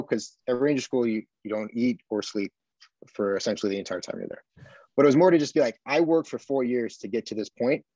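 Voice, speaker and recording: Guy from upstate new york telling war stories, earnest, keeps asking "right?", mid pitch, kinda muffled dry audio. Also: no room sound. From Buffalo, USA. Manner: earnest, animated storytelling with frequent tag questions. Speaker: podcast guest, army veteran. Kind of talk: casual conversation.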